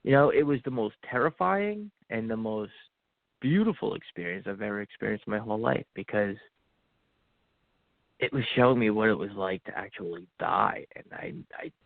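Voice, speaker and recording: A lowish, gravelly male voice comes through a thin, phone-like line with no room sound at all. He tells a personal story in earnest, breaking into the words he said to himself as if reliving them. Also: dry recording. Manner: earnest, acts out his own inner dialogue. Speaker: podcast guest. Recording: tinny phone-like line, dry.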